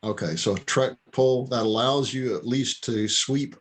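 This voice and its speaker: A man's voice: mid-range voice, moderate pace, a crowd in the background. A man giving firm, emphatic dog-training advice on a video call. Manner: emphatic, acts out what the owner should say.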